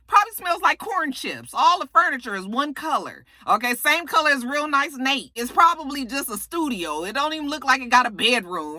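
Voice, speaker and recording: A woman recapping a TV episode in casual, slangy, profane talk, breaking into shrill exasperated outbursts. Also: expressive, fairly quick, few pauses, sharp tone, no room sound. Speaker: TV recap reviewer.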